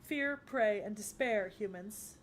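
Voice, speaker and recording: A woman's voice: a little fast, a little hiss or hum, natural voice. A woman voicing an imperious underworld goddess queen. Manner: grandiose and imperious, then flustered and shrill. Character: haughty goddess queen of the underworld, proud yet easily flustered. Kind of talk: English anime dub acting.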